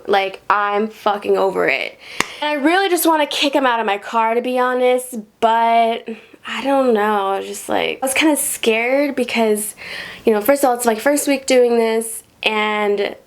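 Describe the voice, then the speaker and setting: A woman's voice: on the high side, unhurried. A young adult woman telling rideshare driving stories in a casual, rambling, profane vlog style, with lots of "like".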